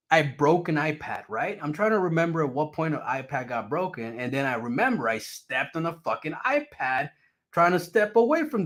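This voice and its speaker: A man telling a personal story in a casual, profane and dramatic way. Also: medium pitch. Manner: profane, animated, dramatic retelling.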